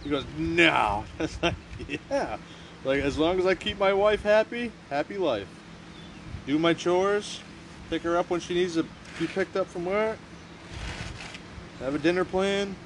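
A man's voice: high voice, measured pace, pauses often. Thirty-something guy bantering outside, easygoing jokey talk, traffic noise around. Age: 30s. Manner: joking, laid-back banter. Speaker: vlogger, retired husband. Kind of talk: casual outdoor chat. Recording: noisy outdoor recording, traffic nearby.

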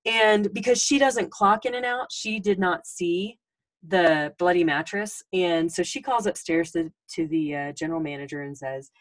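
Woman, 40s, podcast host; casual storyteller, filler-heavy, low register, dry close mic. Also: moderate pace, no echo. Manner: chatty, with many ums and restarts.

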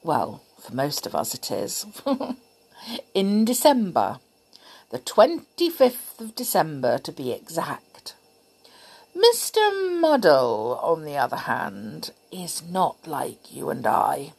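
A woman reading a children's picture book aloud, very slow and unhurried. Her pitch rises and falls with great liveliness as she plays up every line. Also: creaky, slightly rough. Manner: animated, expressive, playful. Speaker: storyteller.

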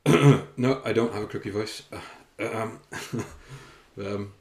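A man with a deep, low voice talks casually into the camera for his own podcast. He rambles, full of fillers and self-conscious asides, with some swearing. The room around him is echoey and hollow. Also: moderate pace, a little mellow. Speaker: fitness coach and podcast host. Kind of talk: casual solo podcast chat. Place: room indoors, filming himself. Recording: roomy echo.

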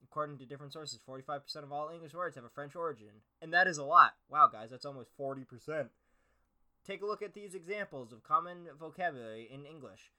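Man, sarcastic profane rant, very bright edgy tone, slightly high voice, solo podcast host. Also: animated, fast. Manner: sarcastic, profane, mock-outraged. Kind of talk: solo comedic rant, reading aloud.

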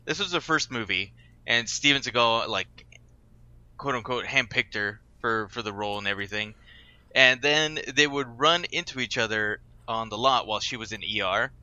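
A man's voice: fairly low pitch, normal speed, sharp tone, no room sound, lo-fi sound. A man co-hosting a podcast, telling stories in a crude, exasperated way. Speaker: podcast co-host. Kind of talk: casual movie-review chat.

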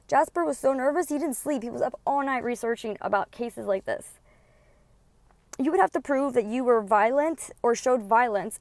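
This adult mother's voice is a bit high with a darkish tone, recorded with no room sound. Sharing a candid personal story, she speaks bluntly and emotionally, curses without hesitation, and performs what others said to her.

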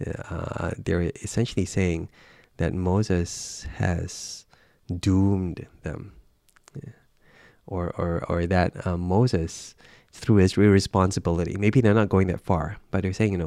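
A man's voice: sits low, steady tone, slow pace, vocal fry, warm tone, dry recording, studio quality. A man reading through a Bible passage and reflecting on it aloud in a casual, thoughtful way, with many fillers and restarts. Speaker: Bible reader.

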